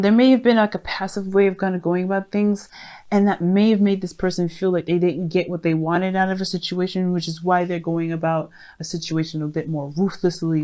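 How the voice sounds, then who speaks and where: A woman with a fairly low voice gives a casual tarot reading. She rambles, restarts her sentences and fills them with "you know" and "um". She talks straight to her viewers in a friendly way. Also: darkish tone. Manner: rambling, many fillers and restarts; addresses viewers directly, friendly. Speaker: tarot reader.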